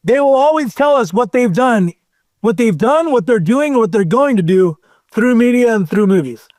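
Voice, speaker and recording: Male guest, high pitch, animated rambling storyteller, dry mic. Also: moderate pace, no echo. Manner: rambling, animated storyteller who acts out quotes. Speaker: podcast guest. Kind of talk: casual storytelling chat.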